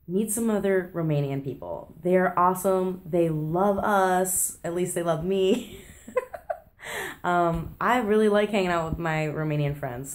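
A woman's voice: deep voice, a little mellow. An American woman talking casually in a confessional travel vlog from her apartment kitchen, chatty and self-deprecating, with lots of fillers and restarts. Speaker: travel vlogger.

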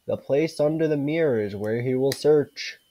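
A man reading a creepy rhyming storybook aloud, slowly and stumbling over words. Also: mid-range voice, mellow, lightly acted. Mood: eerie. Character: spooky storybook narrator.

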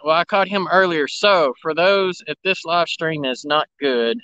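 A man's voice: on the high side, measured pace, bright, forceful tone, smooth, muffled recording. A man live streaming from a cell phone beside railroad tracks, chatting casually and greeting viewers by name. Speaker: railfan livestreamer. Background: background noise, running engines.

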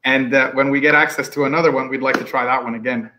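A man speaking as a pitmaster guest in a casual panel discussion, telling stories in an animated, chatty way. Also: mid-range voice, fast, a little hiss or hum. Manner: animated storyteller, warm and chatty.

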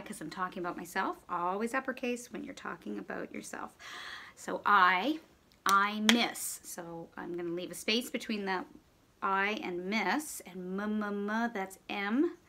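A woman teacher at home giving a writing lesson to young children, slowly sounding out letters and sounds. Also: mid-range voice, noisy background. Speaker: primary school teacher.

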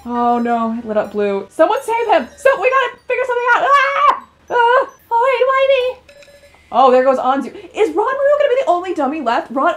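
A woman giving let's-play reaction commentary on a game. She reacts dramatically and laughs often, with a high voice that swings widely in pitch. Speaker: gaming video host.

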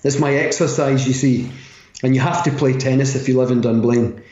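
A man's voice: medium pitch, fairly even intonation, fairly quick, darkish tone, lo-fi sound. Scottish man on an echoey remote call. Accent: central Scottish. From Scotland. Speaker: guest. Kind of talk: casual conversation.

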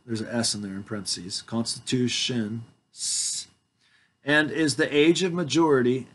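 Man in his forties reading legal papers aloud. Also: mid-range voice. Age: 40s. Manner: reads word by word, calling out punctuation, with asides to the audience.

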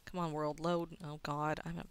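A young woman talking to herself while she plays a game, swearing often and muttering quietly between excited outbursts. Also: low-pitched, a little fast, smooth, no echo. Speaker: gaming video host. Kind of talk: casual let's-play commentary.

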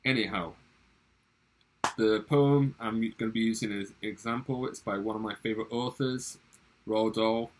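Husky male drama teacher. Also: on the low side, fairly even intonation, normal speed, poor audio. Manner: friendly, instructive, with verbal restarts. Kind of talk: recorded online lesson.

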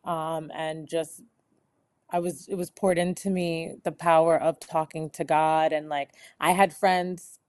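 Calm lower-voiced woman guest. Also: a little slow, clear, resonant tone. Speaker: podcast guest. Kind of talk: casual chat.

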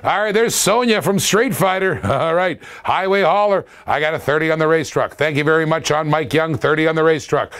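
A man's voice: a little high, fairly quick, few pauses, fairly bright tone, clear, resonant tone. A man in his forties with a Canadian accent, hosting a live-streamed toy car auction in a playful, jokey way, laughing often and repeating his lines. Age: 40s.

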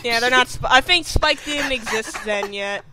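A woman's voice: fairly high pitch, normal speed, a loud crowd. A woman playing as a quiz contestant, hesitant with many ums. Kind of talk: casual podcast chat.

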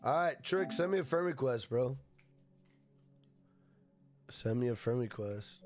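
A man's voice: mid-range voice, expressive, unhurried, pauses often, a little mellow, faint music behind. A man casually live-streaming a game, greeting chatters by name and swearing freely.

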